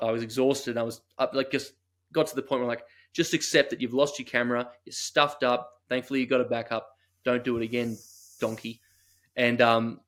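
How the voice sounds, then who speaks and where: A man's voice: medium pitch, a bit bright. An Australian man, a guest on a podcast, telling a long story in a rambling, self-deprecating way. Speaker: guest hunter. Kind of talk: casual storytelling.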